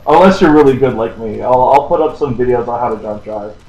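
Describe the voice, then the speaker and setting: A man's voice: mid-range voice, brisk, darkish tone. Young man rambling through a story. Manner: rambling, laughs often, swears freely. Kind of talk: casual storytelling chat. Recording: roomy echo with faint ambience.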